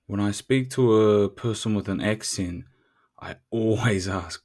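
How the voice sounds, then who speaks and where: A man from New Zealand with a matching accent and a fairly low voice, hosting a casual podcast monologue. He talks straight to the listener in loose, slangy, profane speech. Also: unhurried, a little mellow. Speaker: podcast host.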